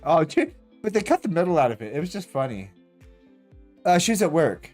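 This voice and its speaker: A man's voice: a little high, normal speed, faint music behind. A man streaming a game, telling a rambling story casually, swearing often and laughing as he goes. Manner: profane, rambling, animated retelling with laughs.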